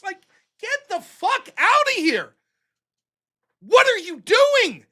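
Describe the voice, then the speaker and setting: A male livestream host in casual commentary, swinging his pitch widely as he rants. His voice is bright and sharp, full of profanity and laughter. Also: takes it slowly, pauses often. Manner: animated profane ranting, laughs often.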